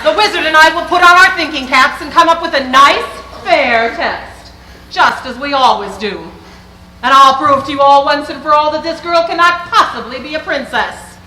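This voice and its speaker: A woman's voice: high-pitched, normal speed, bright, forceful tone. A young woman on a school stage playing a domineering, scheming queen mother with haughty, theatrical delivery. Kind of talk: amateur stage musical performance. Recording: echoey hall with noisy live ambience.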